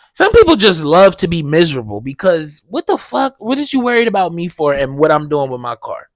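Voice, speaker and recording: Profane ranting podcast host, dry sound. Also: male voice, no room sound. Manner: profane, animated, gets loud and high when ranting. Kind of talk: casual ranting monologue.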